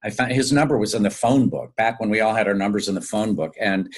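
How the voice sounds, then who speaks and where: A man, a stage actor guest, telling chatty, animated anecdotes in a casual interview. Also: fairly low pitch, fast, slightly rough.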